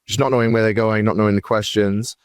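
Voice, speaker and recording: A man co-hosting a sales podcast, talking quickly and circling his point with restarts and fillers. His voice is medium in pitch, and the recording is close and dry. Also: steady tone, clean tone, no room sound. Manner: rambling, restarts, heavy "like" and "it's like". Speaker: podcast co-host. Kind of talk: casual podcast chat.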